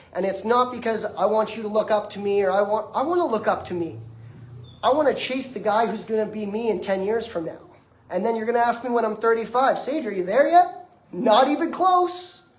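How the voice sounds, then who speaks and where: A man in his twenties giving an emphatic, conversational motivational lecture, speaking directly to the audience in front of him. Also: high voice. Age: 20s. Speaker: detox practitioner giving a lecture. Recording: echoey room.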